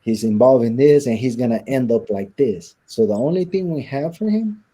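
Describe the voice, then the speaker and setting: Husky, dark-voiced man telling his story. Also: medium pitch, lively intonation, normal speed. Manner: recounts events by acting out quoted dialogue. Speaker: interview guest. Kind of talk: storytelling in a sit-down interview.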